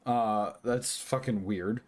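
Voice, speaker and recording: A man's voice: fairly low pitch, takes it slowly. Tipsy man ranting through a film review. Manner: rambling, profane, many restarts and fillers. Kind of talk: drunk casual review monologue.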